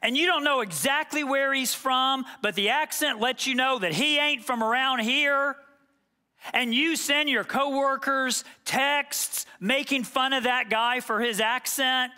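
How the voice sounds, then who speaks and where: A man's voice: very high voice, measured pace, sharp tone, clean tone, big-room sound. A man preaching a sermon as pastor, talking conversationally and acting out quoted asides. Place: church sanctuary.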